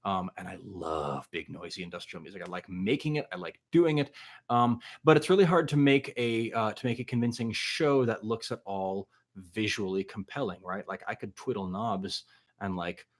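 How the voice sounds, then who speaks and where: A man's voice: on the low side, moderate pace. A man, a musician, chatting casually with his livestream audience between songs, rambling and self-deprecating with lots of fillers.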